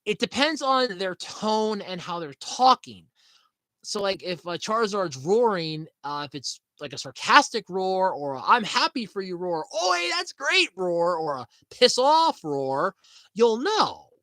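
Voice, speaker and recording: A man's voice: sits high, expressive, measured pace, bright, forceful tone, no room sound. A man hosting a podcast in casual, rambling chat, swearing freely and laughing at his own jokes. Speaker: podcast host.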